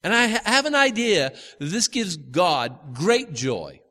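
A man's voice: high-pitched, sing-song, a little slow, bright, forceful tone, big-room sound. A man teaching from the Bible in a loose, conversational way, stumbling over restarts and acting out the quotes. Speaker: preacher.

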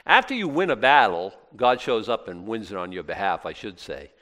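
A man's voice: on the low side, very animated, normal speed, a bit bright. A male pastor preaching in a casual, conversational way, acting out little prayers and back-and-forth dialogue. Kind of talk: sermon. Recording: long hall reverb.

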